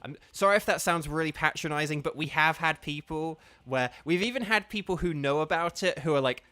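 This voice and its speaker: A man's voice: on the high side, brisk, bright, forceful tone, no room sound. A man streaming a game live, patiently explaining steps to his viewers in a casual, chatty way full of fillers.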